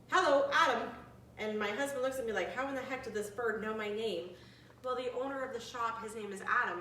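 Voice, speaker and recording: Woman in her forties, friendly quiz leader, fairly high voice, echoey room, distant mic, faint background hum. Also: fairly bright tone. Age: 40s. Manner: friendly, chatty, reads questions slowly. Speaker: activity leader. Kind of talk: bird trivia quiz for seniors.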